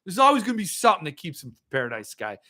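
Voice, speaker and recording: A man's voice: sits high, huge pitch swings, racing, bright, forceful tone. A man hosting a livestream, ranting sarcastically and answering viewer comments in casual chat. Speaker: podcast host.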